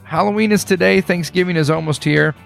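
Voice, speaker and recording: A man in his thirties hosting his own podcast, speaking earnestly and encouragingly with frequent restarts. His voice is deeply gravelly with heavy fry, and he sounds a little choked up. Soft guitar music sits faintly beneath him. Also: fairly quick. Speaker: podcast host. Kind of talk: casual podcast monologue. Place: hotel room.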